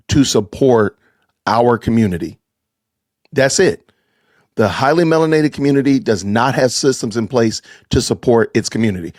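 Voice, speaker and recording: A man hosting a podcast, reacting to a sermon clip with sarcastic, animated commentary aimed straight at his listeners. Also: medium pitch, dry recording, clean studio sound. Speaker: podcast host.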